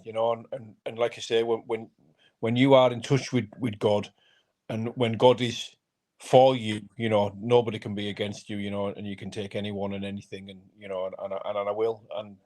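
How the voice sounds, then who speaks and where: A man's voice: on the low side, a little mellow. A man, a fighter who is a guest on a live chat, talking in an intense, fired-up and sweary way. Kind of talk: casual live-stream chat.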